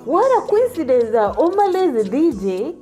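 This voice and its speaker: A woman's voice: high voice, very animated, normal speed, mellow, faint music behind. A woman hosting a celebrity gossip vlog, sassy and teasing, often saying honey.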